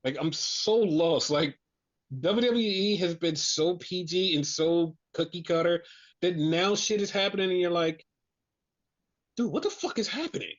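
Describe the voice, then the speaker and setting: Man, high voice, excitable podcast co-host, swears, muffled lo-fi sound. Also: measured pace. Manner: animated, swearing, acts out quotes. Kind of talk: casual wrestling chat. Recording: dull lo-fi podcast audio.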